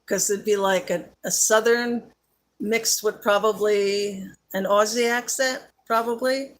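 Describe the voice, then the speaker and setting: Slow-talking woman with a New Jersey accent. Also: mid-range voice, fairly even intonation. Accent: Central New Jersey. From Central New Jersey. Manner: chatty, laughs often, many fillers. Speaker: live-stream host. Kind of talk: casual chat with viewers.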